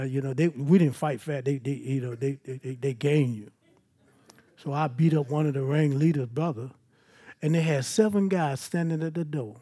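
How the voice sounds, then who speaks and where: A man's voice: medium pitch, warm tone. A man preaching a sermon at an evening church service, moving between scripture and personal stories in an emphatic, conversational way.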